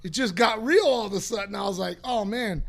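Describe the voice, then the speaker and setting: A man in his fifties hosting a podcast, telling a long profane story in a rambling, animated way. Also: sits high, fast talker, gravelly. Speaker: podcast host. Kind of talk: casual storytelling.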